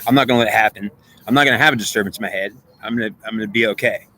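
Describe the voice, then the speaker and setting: A man's voice: fairly low pitch, very fast, bright, forceful tone, slight background noise. A man in a rambling, emotional monologue, pleading with an unseen goddess in an agitated, repetitive way. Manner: addresses an unseen goddess directly.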